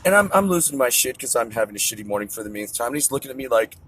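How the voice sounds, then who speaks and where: A man's voice: mid-range voice, animated, very fast, a bit bright, a little hiss or hum. A middle-aged man venting in an agitated, profane, tangent-jumping monologue to camera. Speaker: vlogger. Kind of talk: ranting monologue.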